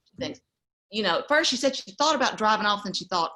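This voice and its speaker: A woman's voice: mid-range voice, animated, fast talker, pushed and bright. A middle-aged woman from East Texas, telling a family story as an interview guest. She tells it with animation and laughs often.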